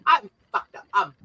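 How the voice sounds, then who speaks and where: A woman in her forties tells a story on a casual livestream, her bright voice sitting a little high. She laughs often, swears freely, and rambles as she goes. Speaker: podcast co-host.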